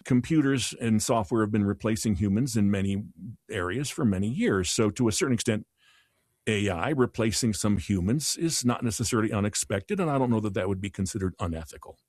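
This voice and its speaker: A man's voice: lowish voice, lively intonation, a little fast, darkish tone, no echo, studio quality. A man hosting a casual conversational podcast, thinking aloud with frequent restarts. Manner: thoughtful, with restarts. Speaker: podcast host.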